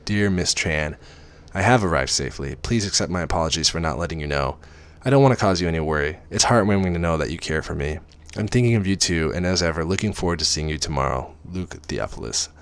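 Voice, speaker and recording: A formal, commanding man from a spicy storybook writes in measured, dryly teasing tones, as a male reader voices him. The voice runs very deep and close, with no room around it. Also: expressive, clear, resonant tone, no room sound.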